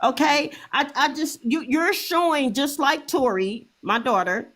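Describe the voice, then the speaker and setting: A woman's voice: high-pitched, unhurried, a bit bright. Fired-up middle-aged woman ranting. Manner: heated, profane, repetitive. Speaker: livestream host. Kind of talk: angry livestream rant.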